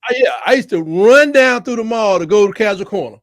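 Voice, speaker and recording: Male co-host, sports talk, high animated voice, loves a tangent. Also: fairly quick, dry recording, clean studio sound. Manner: animated, playful storyteller, laughs often. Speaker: co-host, Alabama fan. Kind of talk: casual sports debate chat.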